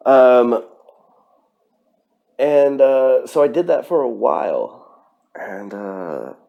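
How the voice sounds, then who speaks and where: A man's voice: medium pitch, animated, drawn-out words, vocal fry, muffled recording. A man hosting his own podcast, talking earnestly and emphatically about his goals, with frequent fillers and restarts. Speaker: podcast host. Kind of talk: solo motivational podcast talk.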